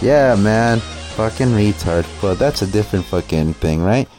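A man's voice: lowish voice, animated, moderate pace, music in the background. A man doing profane, mocking commentary over a video clip, with a sneering, swearing manner.

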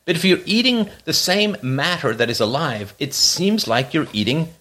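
A man talking casually with a co-host about a film, joking and sarcastic about how little sense it makes. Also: moderate pace. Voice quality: lively pitch, jokey and sarcastic about film logic. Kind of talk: casual chat.

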